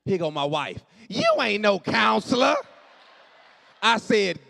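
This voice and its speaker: Lively high-voiced male comedian. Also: slow, vocal fry. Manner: animated storytelling, acting out dialogue, shouting punchlines. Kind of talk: stand-up comedy. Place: church stage before a live audience.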